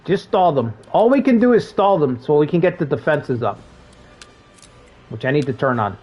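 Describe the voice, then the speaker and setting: Very animated and fairly high-pitched, slightly rough yet a little mellow, this man talks at normal speed over soft music. Streaming a game, he laughs at jokes, curses freely and tells stories about work.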